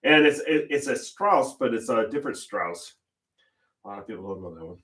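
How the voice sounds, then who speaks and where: A man's voice: lowish voice, animated, fairly quick, a bit bright, recorded from a distance. An older man hosting a painting livestream, telling stories in casual chat and laughing often. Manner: chatty storyteller, laughs often. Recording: roomy echo.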